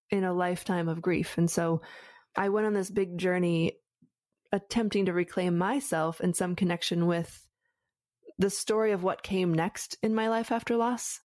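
A woman's voice: lowish voice, darkish tone, no room sound, studio quality. A woman who coaches widows, answering interview questions in an earnest, reflective, flowing way.

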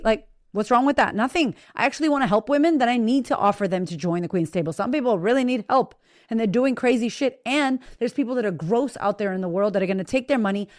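A woman hosting a podcast in a casual motivational monologue, blunt and profane, talking straight to her listeners with energetic emphasis. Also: fairly high pitch, dry recording, clean studio sound. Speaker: podcast host and business coach.

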